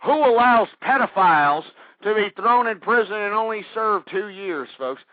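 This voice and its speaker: A man hosting a talk radio show, ranting indignantly and swearing at his opponents, his voice hoarse. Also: high voice, animated, moderate pace, no echo. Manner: ranting, indignant, swearing, addresses listeners as folks. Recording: tinny phone-line radio sound, dry.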